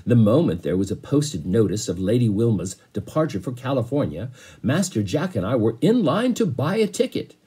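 A man voicing a dignified, very polite butler in a read-aloud storybook, speaking in formal, elaborate phrases with a husky voice. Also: medium pitch, sing-song, moderate pace, warm tone. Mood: earnest. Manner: elaborately courteous, formal speech.

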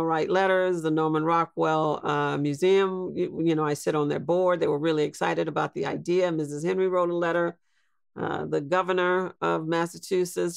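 A woman in her sixties, a podcast guest telling a personal story in a slow, reflective way. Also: on the low side, gravelly, no room sound, clean studio sound. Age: 60s. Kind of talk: storytelling interview.

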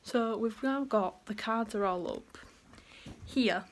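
This is a casual home vlog from a young woman who rambles and gushes with bubbly enthusiasm, recorded indoors at her family home. She speaks at a slow pace in a slightly high voice, and there's a bit of background noise.

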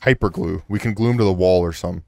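A man casually chatting and swearing excitedly while playing a co-op video game. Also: low voice, very fast, gravelly, a little hiss or hum. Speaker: gameplay streamer. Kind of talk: casual co-op gameplay chat.

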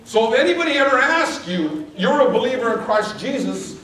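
A man's voice: very high voice, sing-song, a little fast, a bit bright, heavy reverb, recorded from a distance, low-quality recording. A man preaching a sermon to a congregation, stressing key words and calling for responses. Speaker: pastor. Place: church sanctuary.

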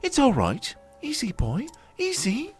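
A man voicing a young woman huntress who speaks in old-fashioned thee-and-thou English and talks gently to her animal. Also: extremely high pitch, wildly swooping pitch, a little slow, over loud music, voice pushed up, heavily acted. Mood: earnest.

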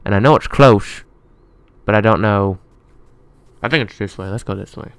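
A man's voice: lowish voice, normal speed, a bit bright, smooth, dry recording. A man giving rambling let's play commentary, muttering to himself as he plays. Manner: chatty, rambling running commentary; muttering to himself while building. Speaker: gaming YouTuber.

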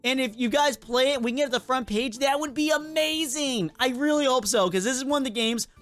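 Excitable young-sounding gaming host. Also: male voice, very high voice, brisk, soft background music. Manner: excitable, rambling, self-mocking. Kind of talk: casual let's-play commentary.

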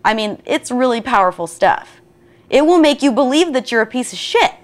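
A woman's voice: on the high side, lively intonation. A woman, a former student, telling her story in a documentary interview and acting out what other people said. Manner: rapid, acts out other people's voices.

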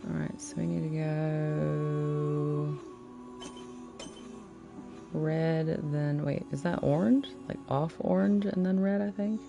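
Low, gravelly-voiced woman streamer; foul-mouthed, chatty with viewers. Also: fairly even intonation, slow, pauses often, dark tone, lo-fi sound. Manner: profane, chatty, greets viewers affectionately. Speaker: game streamer. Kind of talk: casual live-stream chat while gaming. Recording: clear game music underneath. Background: game music.

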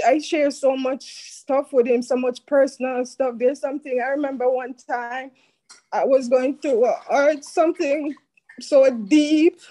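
A woman giving a halting, heartfelt spoken tribute at a church service. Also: on the high side, darkish tone, poor audio. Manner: halting, heartfelt, with many restarts. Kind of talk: emotional spoken remembrance.

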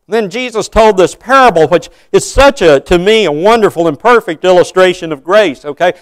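A man's voice: sits high, expressive, brisk, few pauses, clear, resonant tone, no echo. A man in his sixties preaching a sermon in a church, earnest and putting questions to his congregation. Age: 60s.

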